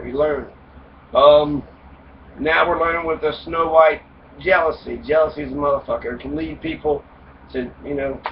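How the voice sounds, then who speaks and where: A man casually retelling a fairy tale for comedy, rambling, swearing and cracking jokes. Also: on the high side. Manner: profane, wisecracking, rambling with fillers. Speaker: podcast host retelling fairy tales. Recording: distant mic, dull lo-fi sound, faint noise.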